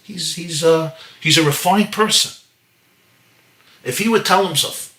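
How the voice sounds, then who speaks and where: A rabbi telling a story in a sermon, acting out the voices of the people in it. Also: male voice, on the high side, unhurried, pauses often, a bit bright, reverberant. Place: home.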